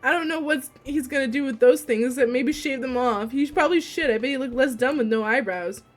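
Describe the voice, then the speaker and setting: A young woman streaming a story game, reading the text and dialogue aloud in a steady voice and breaking into giggles and swearing between lines. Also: sits high, brisk.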